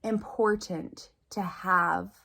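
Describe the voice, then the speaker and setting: A woman's voice: lowish voice, fairly even intonation, extremely slow, creaky, sharp tone. A woman in her thirties, chatting earnestly to camera in a personal update vlog, open and a little emotional. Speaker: vlogger.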